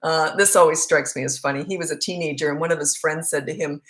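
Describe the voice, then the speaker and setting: A lively, candid woman coach. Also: deep voice, fast talker, reverberant. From Canada. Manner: lively, candid, laughs often. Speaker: parenting coach. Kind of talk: casual livestream Q&A.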